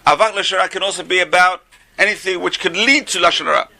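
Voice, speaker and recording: A man's voice: high-pitched, fairly even intonation, quick pace, gravelly, pushed and bright. An older man teaching an informal religious class, a chatty, joking storyteller.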